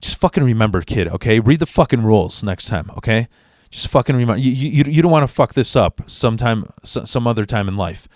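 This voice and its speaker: Man doing a swearing rock star, gruff, scolding, irritated, mid-pitched, dry close sound. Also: expressive, fast, a little mellow, no room sound, natural voice. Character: irritated, foul-mouthed adult male rock star.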